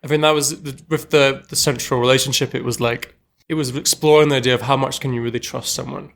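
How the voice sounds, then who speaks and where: A young man from Norway talks about his film as an interview guest, in a casual, rambling way. He leans on "like" a lot and laughs at himself. His voice sits at an ordinary middle pitch. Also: fairly even intonation, fast talker, creaky, fairly bright tone. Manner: rambling, heavy use of "like", chatty and self-deprecating.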